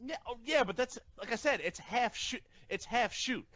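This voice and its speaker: A man's voice: very high voice, expressive, normal speed, bright, forceful tone, no echo, dull audio. A man, co-hosting a wrestling podcast in casual chat, blunt and profane as he rambles through his opinions. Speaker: podcast co-host.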